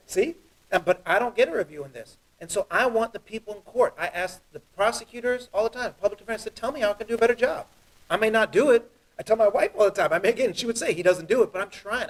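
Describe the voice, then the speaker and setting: A man who is a judge, talking earnestly and quickly as an interview guest, telling stories with animation. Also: high voice, far from the mic, rough recording. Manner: earnest, fast, animated storytelling. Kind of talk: interview guest, heartfelt talk.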